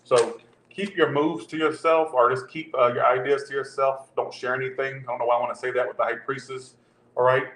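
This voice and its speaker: A man's voice: mid-range voice, little pitch movement, fairly quick, fairly bright tone. Man giving a rambling tarot reading. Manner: loose, rambling, talks straight to viewers. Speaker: tarot reader. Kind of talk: casual tarot reading for viewers. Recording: roomy echo with faint background hum.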